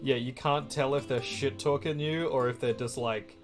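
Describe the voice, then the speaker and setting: A man chatting casually while gaming, relaxed and hesitant, with many fillers. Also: medium pitch, moderate pace, soft background music. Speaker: co-player and streamer.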